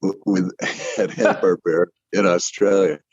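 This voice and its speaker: A man's voice: low voice, little pitch movement, normal speed, darkish tone, slightly rough, no room sound, dull audio. An older man telling his career story in a rambling, self-deprecating way, often restarting his sentences. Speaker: interview guest, animator. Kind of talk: casual storytelling.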